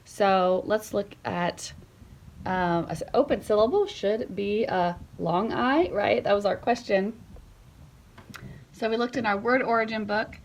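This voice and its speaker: A woman's voice: mid-range voice, a little slow, gravelly, slight background noise. Chatty woman homeschool teacher. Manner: chatty, often checks with "right?". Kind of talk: casual explanatory lesson talk. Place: home.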